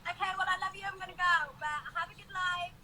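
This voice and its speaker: High, bright, teasing woman on a call. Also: steady tone, quick pace, a little hiss or hum. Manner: teasing, giggly. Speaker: caller on a live stream.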